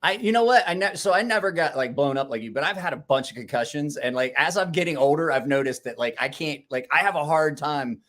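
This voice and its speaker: A man's voice: fairly high pitch, fast talker, hardly any pauses, fairly bright tone. A man chatting casually as co-host, rambling and swearing as he tells stories. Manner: rambling, swearing, laughs often. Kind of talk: casual banter.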